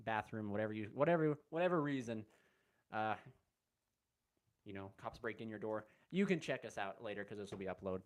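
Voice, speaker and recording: A man hosting a casual live stream, greeting chat viewers by name and rambling in a relaxed way from a room at home. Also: medium pitch. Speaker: livestream host. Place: room at home with window open.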